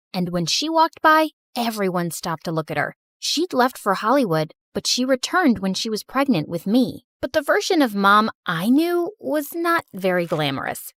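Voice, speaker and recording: Expressive woman narrating a story. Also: fairly high pitch, no room sound, clean studio sound. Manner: expressive, emotional.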